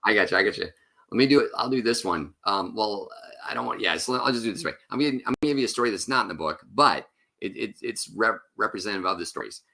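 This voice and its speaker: A man speaking as a keynote speaker and author, giving a conference talk and telling stories in quick, animated bursts. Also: on the low side, vocal fry. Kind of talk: conference talk over video.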